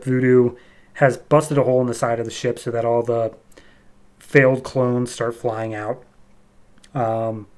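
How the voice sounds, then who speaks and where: Chatty man recapping a comic. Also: medium pitch. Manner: relaxed, chatty, acts out characters' lines in quick voices. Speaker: comic book podcast host.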